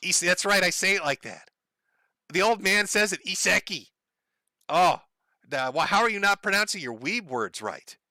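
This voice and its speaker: A man's voice: high-pitched, expressive, normal speed, bright, forceful tone, no room sound. Rambling, profane male streamer. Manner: rambling, profane, laughs often. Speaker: livestream host. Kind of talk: casual livestream chat.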